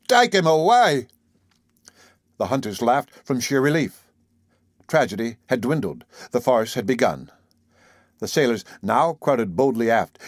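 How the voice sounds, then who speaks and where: Brief: male audiobook narrator, mid-pitched, measured and dramatic, dry close mic. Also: no echo. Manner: measured, dramatic first-person reading.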